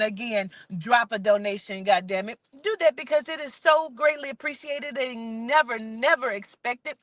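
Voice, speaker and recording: A spiritual vlogger with a fairly bright tone, recorded without any room sound, launches into an impassioned, foul-mouthed speech. She repeats herself for emphasis in a sermonizing way and mutters low when she mentions her growing anger.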